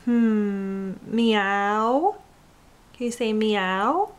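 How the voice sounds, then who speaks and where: Using baby talk with a toddler, a woman coaxes in a slow, sing-song voice and mimics animal sounds. Her pitch is medium and her tone clean.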